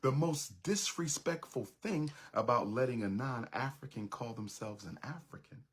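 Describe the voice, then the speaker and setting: A middle-aged man lecturing with fervor, hammering his points through repetition in a preacher's rhythm. His voice is husky, and his pitch swings widely as he drives each line home. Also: animated, moderate pace. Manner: emphatic, repetitive preaching cadence. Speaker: public speaker. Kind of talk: impassioned lecture.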